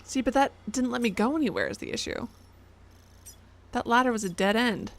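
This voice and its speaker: A woman's voice: a little high, expressive, a little fast. A young woman streamer giving casual, exasperated commentary while playing a game, chatting with her audience. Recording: noticeable background noise.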